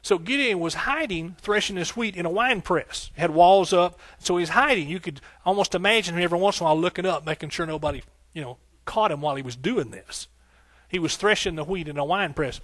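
Male preacher, slightly high voice, dry close sound; rhythmic and fervent, folksy with the flock. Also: fairly quick, no echo. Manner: fervent and rhythmic, with repeated phrases and shouts of hallelujah; folksy, talking directly to the congregation. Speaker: pastor. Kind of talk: sermon.

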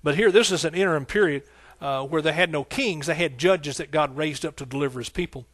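Male preacher, slightly high voice, dry close sound; rhythmic and fervent, folksy with the flock. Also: brisk, husky, no room sound. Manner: fervent and rhythmic, with repeated phrases and shouts of hallelujah; folksy, talking directly to the congregation. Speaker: pastor. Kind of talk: sermon.

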